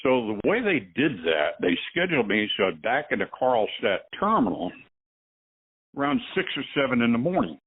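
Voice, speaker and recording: A man's voice: mid-range voice, big pitch swings, normal speed, slightly rough. An older man, a veteran truck driver and guest, telling rambling stories with chuckles in a casual conversation. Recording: tinny phone line.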